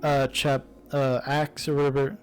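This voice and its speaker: A man's voice: medium pitch, flat delivery, a little slow, clean tone, faint music behind, rough recording. A young man casually reviewing a game series, rambling with many fillers and restarts. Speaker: YouTuber reviewing games.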